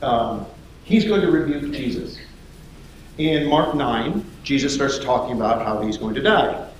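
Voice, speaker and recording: A man preaching a sermon as lively storytelling, acting out the voices of the people in his story. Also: mid-range voice, unhurried, a little hiss or hum. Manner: animated storytelling, acts out voices. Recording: echoey hall.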